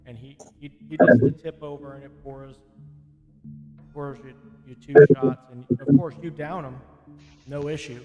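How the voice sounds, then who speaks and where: A man running a tabletop game as game master, rambling and stopping to restart his sentences. His voice rings with a long reverb, and faint music plays behind him. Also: mid-range voice. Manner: rambling, halting, lots of restarts.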